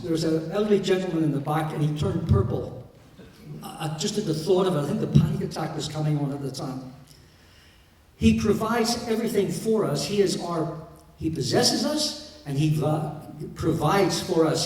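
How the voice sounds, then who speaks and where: A man's voice: high voice, lively intonation, normal speed. A middle-aged man leading a memorial service as minister, preaching and explaining with light joking asides. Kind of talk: sermon. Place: church. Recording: echoey church from far off.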